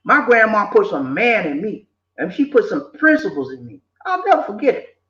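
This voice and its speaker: An older man gives casual, preachy life advice, animated and repetitive. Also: high voice, moderate pace. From southern United States. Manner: preachy, animated, repeats himself, slips in quoted voices. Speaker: vlogger giving life advice. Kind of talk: casual motivational talk. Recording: echoey room, dull lo-fi sound.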